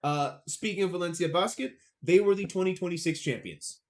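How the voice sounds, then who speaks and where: Young male podcast co-host, slightly high voice, rambling self-deprecating delivery. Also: a little fast. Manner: chatty, rambling, self-deprecating about pronunciation. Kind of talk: casual sports podcast chat.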